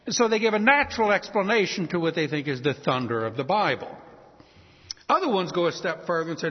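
Animated preacher man in an echoing hall. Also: high-pitched, fairly quick. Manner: animated, rising to exclamations when mocking misunderstanding; coughs and clears throat at times. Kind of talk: expository sermon. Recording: dull sound with long reverb in a hall.

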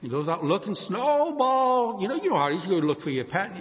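A male preacher delivers a sermon with a lively, swooping voice that sits a little high for a man, acting out the characters of his story. His voice rings out with a long reverb through a large hall. The recording sounds somewhat dull and muffled. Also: rapid-fire.

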